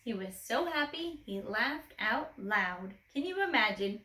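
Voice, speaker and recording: A woman reading a children's storybook aloud expressively, gently asking the listener questions. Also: fairly high pitch, lively intonation, unhurried, reverberant, poor audio.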